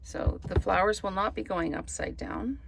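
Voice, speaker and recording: A woman's voice: medium pitch, normal speed, vocal fry, very noisy. A woman chatting through a card-making tutorial, thinking aloud as she works. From Canada. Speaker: papercraft demonstrator.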